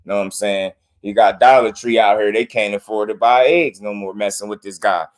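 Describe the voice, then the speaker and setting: A man's voice: fairly low pitch, steady tone, fairly quick. A man hosting a boxing commentary video, talking to his viewers in loose slang and repeating himself a lot.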